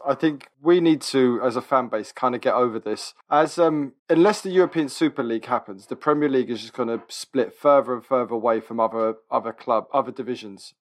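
Opinionated man on a casual podcast. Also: mid-range voice. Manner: opinionated, skeptical, joking. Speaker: podcast co-host.

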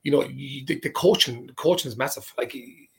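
A man speaking as a coach and pundit, rapid and emphatic, often restarting his sentences. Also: medium pitch, gravelly, fairly bright tone, breathy edge. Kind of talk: casual sports chat.

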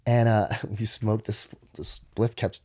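A man telling a long profane story in casual podcast talk, animated, dropping to whispers and jumping high to quote people. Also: a little slow, slight background noise. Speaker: podcast guest.

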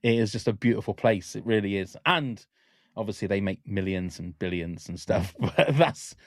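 A man's voice: fairly low pitch, normal speed, no echo, clean studio sound. A man hosting a casual podcast chat, enthusiastic and rambling, full of fillers and restarts. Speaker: podcast host.

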